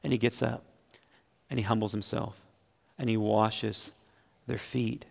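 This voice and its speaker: In a church sanctuary, a middle-aged pastor delivers a sermon, earnestly asking his congregation questions directly. His voice is lowish and gravelly, his tone level and his pace unhurried. The long reverb of a large hall surrounds him.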